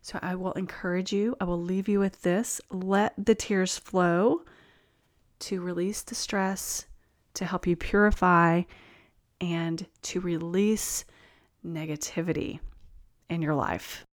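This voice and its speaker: A woman's voice: lowish voice, fairly even intonation, takes it slowly. A woman hosting a wellness video, giving an encouraging talk to the camera in an enthusiastic, reassuring way and laughing between points.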